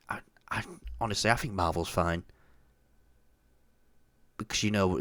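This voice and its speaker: A man's voice: low voice, fairly bright tone, no echo, studio quality. A man co-hosting a casual movie news podcast, joking crudely and swearing freely. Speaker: podcast co-host.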